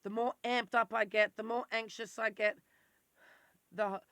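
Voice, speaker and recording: An adult in their forties with an Australian accent, talking bluntly and intensely in a candid personal monologue. Their voice is worn and turns squeaky when they get worked up. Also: little pitch movement, unhurried, a bit bright, clean tone, no echo. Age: 40s. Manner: blunt, swears freely, intense and rambling. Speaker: vlogger.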